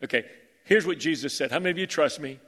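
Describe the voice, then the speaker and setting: A male pastor, preaching in a high, bright voice. He is lively and joking, drawing in his congregation. The long reverb of a large church hall trails after every phrase. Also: quick pace. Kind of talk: sermon.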